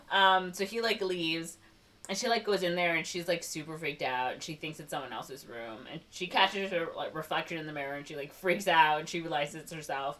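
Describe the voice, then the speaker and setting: A woman co-hosting a podcast, telling a movie's plot in a loose, filler-heavy way with quick quoted voices. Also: on the low side, fairly bright tone, far from the mic. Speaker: podcast co-host. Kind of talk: casual movie recap.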